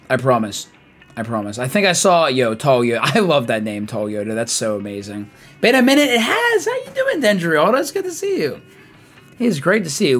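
A young man giving lively live commentary on his game, chatty and hyped, greeting viewers by name. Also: mid-range voice. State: out of breath. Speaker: streamer.

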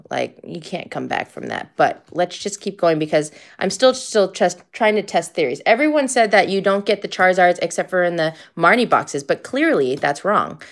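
A woman's voice: lowish voice, vocal fry. A woman in her fifties streaming card-pack openings, chatty and gushing, shrieking with joy at big pulls. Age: 50s.

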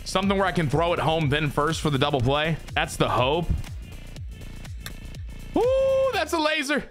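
A young man commentating his own baseball video game play, excitable and swearing as he talks to himself and his viewers. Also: a little high, fairly quick, soft background music. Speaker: gaming streamer. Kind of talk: live gameplay commentary.

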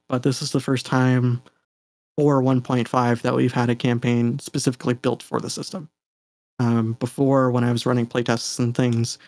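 A Canadian man talks casually as a guest, rambling a little with fillers, restarts and small laughs. His voice sits at an ordinary middle pitch. The sound is dry and close, with no room around it. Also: darkish tone, no echo. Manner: chatty, laughs often, many fillers and restarts. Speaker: guest game designer. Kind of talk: casual fireside chat.

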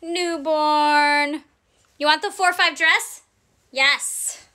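A woman with a very high, bright voice runs a casual live clothing sale. She talks unhurriedly, chatting to her viewers as she reads out sizes and prices one by one. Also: fairly even intonation, very slow. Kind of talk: casual live-stream selling chat.

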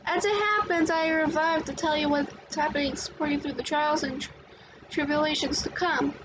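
A woman's voice: high voice, fairly even intonation, moderate pace, noisy background, natural voice. Woman doing a giggly creepy doll. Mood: cheery. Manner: giggles often, sing-song and teasing. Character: creepy giggling female doll, sly and gleeful. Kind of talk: amateur fan voice dub.

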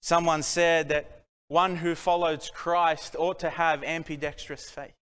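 A man from Australia delivers a sermon in a bright, high voice with a smooth, resonant tone. He preaches earnestly, pressing his point with rhetorical questions. Long reverb from the church hall trails each phrase.

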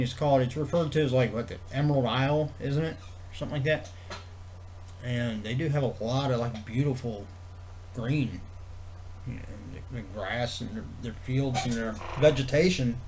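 A man vlogging in a rambling casual way, swearing freely and filling pauses with ums and you-knows. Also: medium pitch. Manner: rambling, profane, many fillers and restarts. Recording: faint background noise.

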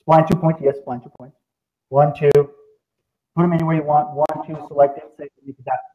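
A man giving an excitable live software demo to a class, full of exclamations and sound effects. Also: fairly high pitch, brisk. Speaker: presenter. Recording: dull lo-fi presentation recording.

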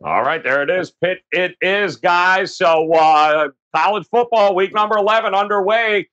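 Bright upbeat sports betting host. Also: male voice, sits high, measured pace, clean tone, dull audio. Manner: upbeat, plugs the website often. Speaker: show host. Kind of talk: promotional show hosting.

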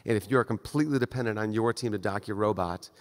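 A man's voice: on the low side, quick pace. A male surgeon giving a conference lecture in a direct, conversational way. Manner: conversational, direct, acts out brief exchanges. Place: lecture hall. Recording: long reverb of a lecture hall.

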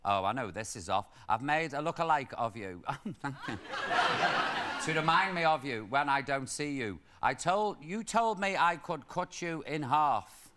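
A man in his fifties with a Liverpool accent, hosting a chat show and camping it up with quick asides and jokes at his own expense. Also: fairly high pitch, lively intonation. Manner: camp, quick asides, laughing at himself. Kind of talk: camp comic chat to a studio audience. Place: TV studio with live audience. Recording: studio noise with a loud audience.

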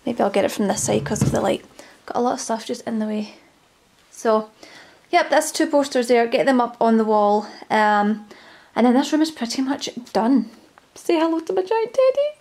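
A woman's voice: on the high side, moderate pace, a little mellow, no echo. A young woman from Scotland chatting casually to the camera in a vlog, joking with herself as she drives around and shows her home. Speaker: vlogger.

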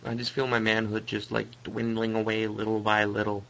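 A young man doing live commentary on a game he is playing, mostly muttering, then breaking into frustrated yells. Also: lowish voice, monotone, brisk, creaky, lo-fi sound, a little hiss or hum. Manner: swings from muttering to frustrated yelling. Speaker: let's play gamer.

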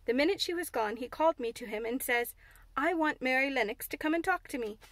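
A woman's voice: sits high, animated, fairly quick, dry recording. A woman voicing an anxious, homely young housemaid in broad dialect, in a dry close recording. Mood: hurried. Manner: broad dialect, plain and warm-hearted.

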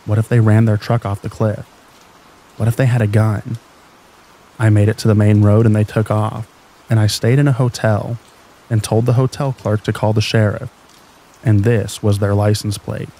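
A man narrating scary stories in an even, slow, soothing bedtime reading style. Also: fairly low pitch, slight background noise, rough recording. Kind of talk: calm scripted storytelling narration.

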